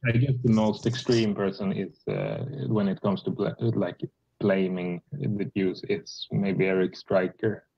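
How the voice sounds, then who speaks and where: Gravelly Swedish-accented man, hesitant. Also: fairly low pitch, lively intonation, mellow, dull audio. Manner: halting, hesitant, many restarts and fillers. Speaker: debate participant on a voice call. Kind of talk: casual political debate.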